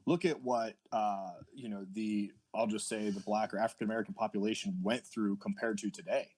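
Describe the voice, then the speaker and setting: A man's voice: fairly low pitch, fairly even intonation, a little fast, a little mellow. A man who is a guest on a podcast, in casual chat, hesitant and polite as he starts over and over before asking a question.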